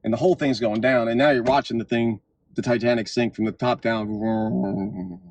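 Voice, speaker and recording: A man hosting his own vlog, delivering an impassioned political monologue and telling stories, his voice swinging up to shouts at the climaxes. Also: medium pitch, moderate pace, vocal fry, no room sound. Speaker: vlog host.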